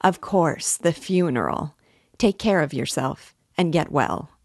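Woman reader voicing a pushy, excitable man of the law; low-pitched, dry read. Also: dry recording, exaggerated voice. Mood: excited. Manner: hurried, emphatic, louder than the narration. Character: excitable male police investigator, fussy and insinuating.

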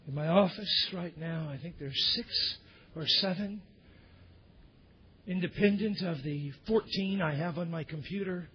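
A male pastor preaching a sermon in church, swinging from loud emphatic bursts down to near whispers. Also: a little high, lo-fi sound, a little hiss or hum.

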